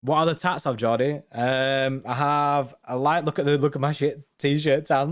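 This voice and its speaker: A man's voice: a little high, unhurried, clear, resonant tone. A man co-hosting a football fan show, chatting casually and rambling with slang and restarts. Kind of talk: casual chat reading viewer comments.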